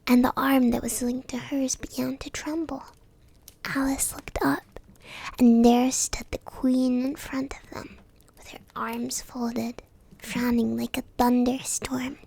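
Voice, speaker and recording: High, husky whispering woman storyteller. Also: little pitch movement, slow pace, no echo. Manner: soft unvoiced whispering. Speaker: streamer reading a bedtime story. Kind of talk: whispered role-play.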